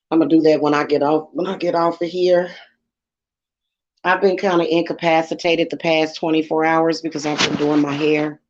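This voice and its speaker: A woman's voice: lowish voice, muffled recording. A woman tarot reader talking bluntly and casually on a livestream. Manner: blunt and chatty.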